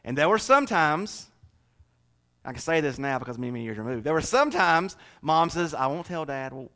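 Male pastor, middle-aged, sharp bright tone, homespun humor. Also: on the high side, sing-song, normal speed. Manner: folksy, joking, talks straight to the congregation. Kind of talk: sermon.

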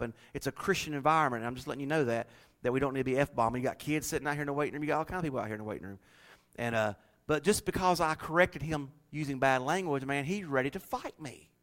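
A middle-aged man preaching a sermon, telling folksy stories in an animated way and laughing often. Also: a little high.

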